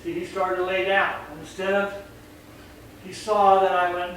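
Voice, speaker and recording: A man's voice: high-pitched, completely flat delivery, a little slow, fairly bright tone. A man working as a dog trainer, explaining in a chatty, rambling way and acting out voices. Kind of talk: casual explanation on camera. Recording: very echoey, distant mic, faint noise.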